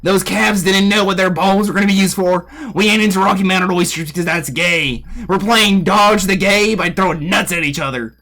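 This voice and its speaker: A man's voice: sits high, sharp tone. A man doing a bragging Southern country man. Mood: boastful. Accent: put-on American Southern. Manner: drawn-out, crude bragging, keeps asking "okay?". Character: boastful rowdy Southern country man, crude. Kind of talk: joking impression on a game stream.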